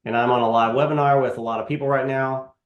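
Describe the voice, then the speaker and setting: A man's voice: medium pitch, fairly even intonation, dull audio. Guy running a webinar demo, casual lots of ums, roomy echo. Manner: casual, halting, with frequent fillers. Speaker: webinar host. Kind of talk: live software demo.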